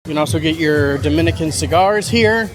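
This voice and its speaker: A man's voice: a little high, a little fast, over music. A man who works as a travel agent, chatting casually through a travel vlog as he walks around a cruise port, pointing things out with upbeat asides. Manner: chatty, upbeat tour-guide commentary with easy asides. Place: outdoors at a cruise port shopping area.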